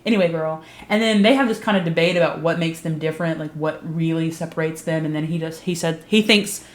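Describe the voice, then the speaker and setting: A woman casually recapping a TV series, swearing freely and acting out characters' lines in an animated storytelling way. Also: low voice, brisk. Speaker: video recap host. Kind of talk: casual profane recap commentary. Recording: roomy echo with faint background hiss.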